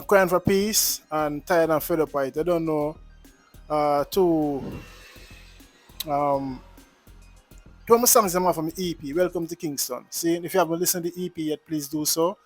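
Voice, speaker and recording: Jamaican man vlogging in patois. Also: a little high. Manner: patois-laced, repetitive, earnest preaching tone. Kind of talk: casual vlog monologue.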